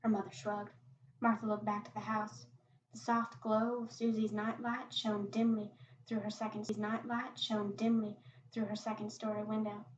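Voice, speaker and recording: A woman podcast host reading a short story aloud in a steady, quiet narrating voice. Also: mid-range voice, normal speed, a little hiss or hum. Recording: echoey, distant, muffled home recording.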